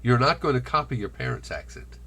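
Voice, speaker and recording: A man from the Bronx with a carefully trained American accent, talking in a wry, reflective vlog monologue with dramatic pauses. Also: medium pitch, animated, gravelly, bright, forceful tone. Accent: General American, trained over a Bronx childhood accent. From Bronx, New York. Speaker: vlogger.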